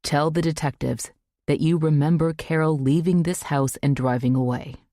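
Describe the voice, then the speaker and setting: A woman's voice: sits low, fairly even intonation, normal speed, warm tone, dry recording, studio quality. A woman voicing a nervous middle-aged father who pleads with his daughter, reading an audiobook. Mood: pleading. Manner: imploring, nervous.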